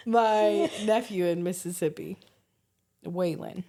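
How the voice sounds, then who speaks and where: A woman's voice: medium pitch, lively intonation, slow pace, mellow. A woman in her forties co-hosting a casual chat podcast, telling family stories with lots of laughter and casual swearing. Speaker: podcast co-host.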